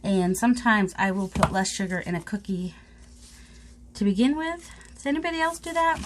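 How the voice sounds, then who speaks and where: Woman, crafting vlog, casual rambling chat, self-mocking, middle pitch, faint hiss and clicks. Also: moderate pace. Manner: rambling, self-mocking, talks to viewers while working. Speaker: craft vlogger.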